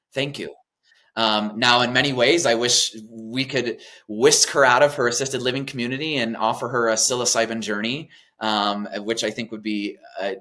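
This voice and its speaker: Soft-spoken man, low earnest voice. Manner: earnest, gentle, searching for words with fillers. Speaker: death doula guest. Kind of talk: reflective interview talk.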